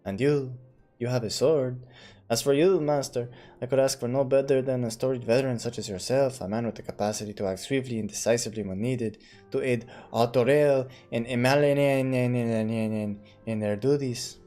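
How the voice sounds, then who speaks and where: A man reads out a stately old count with a dark, mellow voice. The speech is formal and measured, with a touch of ceremony. Soft game music sits underneath. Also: mid-range voice, fairly even intonation, lightly acted. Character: stately older male count, grave host.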